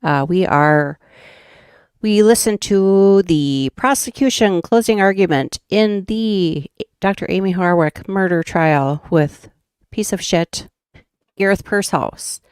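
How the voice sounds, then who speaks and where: Brief: Minnesotan woman, true crime streamer, rambling casual chat, low pitch, dry sound. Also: slow, darkish tone, clean tone, no room sound. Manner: chatty, rambling, laughs often. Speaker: true crime YouTube host.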